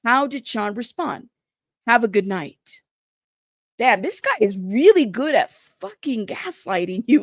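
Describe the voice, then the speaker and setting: Woman commentator, higher pitch, dry close sound, reads court records and reacts openly. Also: measured pace, no room sound. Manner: animated reactions to the text she reads. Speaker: trial news commentator. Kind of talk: reading court transcripts aloud with commentary.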